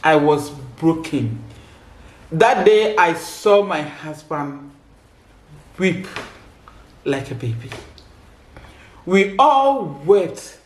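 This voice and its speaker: A woman's voice: medium pitch, lively intonation, very slow, long pauses. Fervent Ghanaian woman, echoey room. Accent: Ghanaian English. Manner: fervent, repeats rhetorical questions. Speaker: vlogger sharing testimony. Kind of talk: emotional faith testimony.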